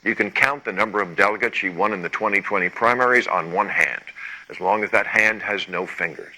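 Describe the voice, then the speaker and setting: A man's voice: fairly low pitch, brisk, sharp tone, slight background noise, low-quality recording. A man hosting a talk show, delivering sarcastic political commentary with punchy jokes and the occasional swear word.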